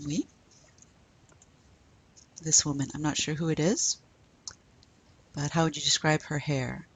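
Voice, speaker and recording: A woman's voice: low-pitched, fairly even intonation, a little slow, a little hiss or hum. A woman teaching a French lesson, patiently asking questions and then modeling the answers. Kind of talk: recorded classroom lesson.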